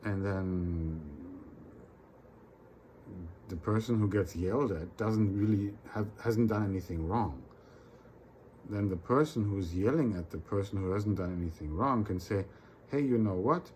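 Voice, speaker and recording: This vlogger has a fairly low, mellow voice and speaks a little slowly in a loose, unscripted monologue aimed straight at his viewers. He often stumbles, repeats words and restarts, and acts out little quoted exchanges, with faint background noise underneath.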